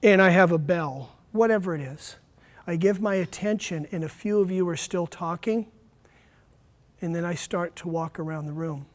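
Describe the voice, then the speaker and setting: Man giving a lively teacher workshop. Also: high voice, normal speed. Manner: lively, talks straight to the audience. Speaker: teacher trainer. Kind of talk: workshop lecture.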